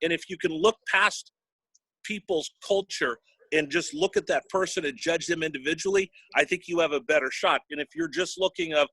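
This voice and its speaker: A man's voice: fairly high pitch, very animated, normal speed, creaky, sharp tone, husky, no room sound, low-quality recording. A man, a sports broadcaster, telling personal stories in an interview and getting choked up at times. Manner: emotional, gets choked up. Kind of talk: storytelling interview.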